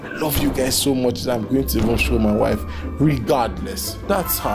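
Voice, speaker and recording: A man's voice: medium pitch, normal speed, vocal fry, over music. A young Nigerian man with a Nigerian accent, recapping a film in a joking, teasing way. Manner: joking, teasing, playful asides with laughs. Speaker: movie recap host. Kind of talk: comedic movie recap.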